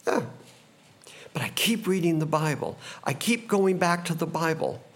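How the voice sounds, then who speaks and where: A man with a fairly high voice preaching a sermon as a pastor. His pitch swings widely as he preaches, and he sometimes acts out confused voices from the passage. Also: moderate pace. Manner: animated preaching, acting out disciples' confused voices.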